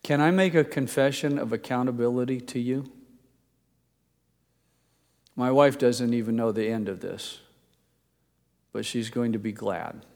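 An older pastor delivers a sermon in a relaxed, conversational way, poking fun at himself as he tells a story. His voice sits at an ordinary middle pitch for a man. It carries a long reverb from a church hall. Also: unhurried, vocal fry, pauses often. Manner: conversational storytelling, self-deprecating.

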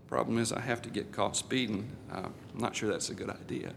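A gravelly-voiced male pastor tells a folksy, anecdotal story in a sermon, restarting his sentences often. His voice carries a long hall echo over a faint low rumble. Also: brisk, few pauses, a bit bright. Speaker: pastor and missionary.

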